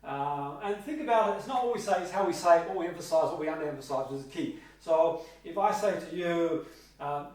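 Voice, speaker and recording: A middle-aged man teaching a seminar on hypnotherapy, speaking haltingly with many ums and slow, emphatic pauses. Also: fairly high pitch, darkish tone. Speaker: hypnotherapy trainer. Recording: echoey room, heard from a distance.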